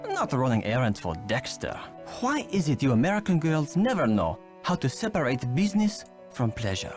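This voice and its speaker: A suave French ski instructor. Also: male voice, medium pitch, huge pitch swings, normal speed, soft background music. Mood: flirtatious. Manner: suave, teasing, theatrical. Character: flirtatious French male ski instructor, charming. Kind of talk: video game voice acting.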